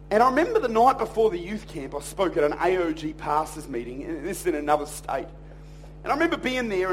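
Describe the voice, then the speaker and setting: A man preaching a sermon in church, telling stories in a jokey, animated way and acting out other people's voices. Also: high voice, slight background noise. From Australia. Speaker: pastor.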